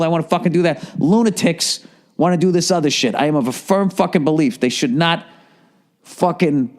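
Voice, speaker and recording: A man rants through a solo podcast, swearing freely and throwing in sarcastic asides. His voice sits a little high for a man. He comes from the Boston area and talks in a loose, fired-up monologue. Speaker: podcast host.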